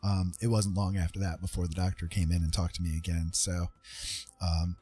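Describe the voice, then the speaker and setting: A man's voice: low-pitched, flat delivery, brisk, dark tone, breathy edge, faint music behind. A man hosting a casual livestream chat, talking in an earnest, rambling way with lots of fillers, teary and with his eyes burning. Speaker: livestream host.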